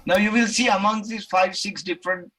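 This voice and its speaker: A middle-aged man from India with an Indian English accent, giving a lecture and answering questions, animated and acting out the voices he quotes. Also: high voice, fairly quick, a little hiss or hum, low-quality recording.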